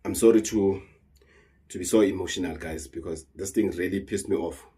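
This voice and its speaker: A man's voice: low-pitched, normal speed, warm tone, husky. A South African man, a traditional healer, talking heatedly and earnestly to camera, repeating words and mixing in Zulu phrases. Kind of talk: emotional monologue to camera.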